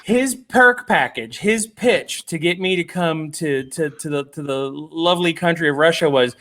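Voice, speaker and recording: A man's voice: a little high, normal speed, hardly any pauses, a bit bright. A man telling convention stories in a casual chat, self-deprecating, with many fillers and acted-out quotes. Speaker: guest comic artist.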